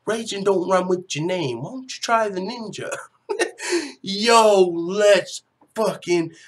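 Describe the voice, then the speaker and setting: A man hosting an MMA live-stream chat, talking casually and profanely, swinging from low mumbling to loud shouting. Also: animated, takes it slowly.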